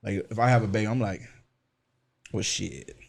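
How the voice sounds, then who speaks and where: A man hosting a casual religious discussion on a radio show, lively, acting out quoted voices and cursing freely. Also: fairly low pitch, rapid-fire, a crowd in the background. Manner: animated, acts out quoted voices, swears.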